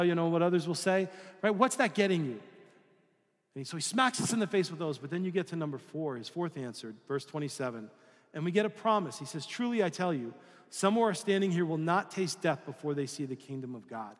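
Male pastor, conversational sermon, rhetorical questions, slightly high voice, long hall reverb. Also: expressive, a little fast.

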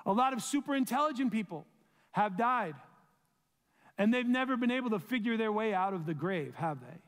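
A man's voice: high voice, expressive, a little fast. A male pastor preaching a sermon, earnest and pleading, asking his listeners rhetorical questions. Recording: long reverb of a large room.

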